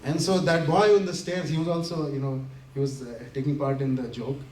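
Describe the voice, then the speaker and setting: A man's voice: mid-range voice, brisk. A man giving a talk to an audience at a community center, telling anecdotes and laughing often as he acts out the quotes. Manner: animated, laughing often while acting out quotes. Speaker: invited speaker. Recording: roomy hall from a distance, faint ambience.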